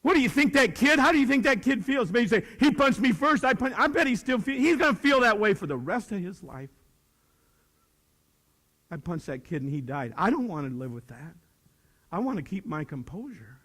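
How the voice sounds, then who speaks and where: A man in his sixties, a retired teacher, gives a folksy, plainspoken talk to high school students, swinging from loud to hushed. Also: sing-song, brisk. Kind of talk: motivational speech to students. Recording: long reverb of a large hall.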